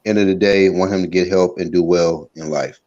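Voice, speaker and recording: A man's voice: low-pitched, steady tone, a little fast, darkish tone, dull audio. A man co-hosting a live boxing talk show, blunt and heated, swearing freely. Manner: blunt, heated, profane critique. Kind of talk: casual live-stream chat.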